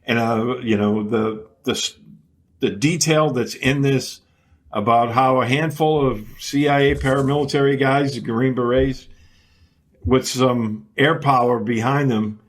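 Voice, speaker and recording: A man with a Boston accent, hosting a podcast and chatting in a hesitant way with many fillers. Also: mid-range voice. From United States. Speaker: podcast host. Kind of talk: casual podcast interview.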